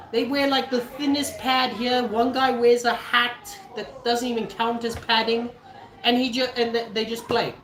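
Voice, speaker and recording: A young man in his twenties with a South African accent, chatting casually to camera in a rambling, jokey way with lots of restarts. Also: very high voice. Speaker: vlogger. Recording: echoey room.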